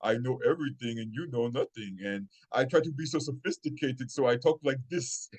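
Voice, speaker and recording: A pompous know-it-all man in a put-on, overly proper British manner, sounding haughty and affected, as a talk-show host mimics him. The voice drops lower and takes on a different, put-on tone from the speaker's usual one. It comes across as snobbish. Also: fairly quick, darkish tone, husky, close to an everyday voice, low-quality recording. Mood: snooty.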